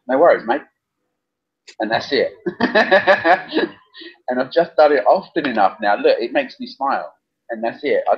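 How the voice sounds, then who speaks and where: Blunt, jokey man on lo-fi audio. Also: lowish voice. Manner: blunt, jokey, laughs often. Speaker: co-host, coach. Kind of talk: casual webcast chat.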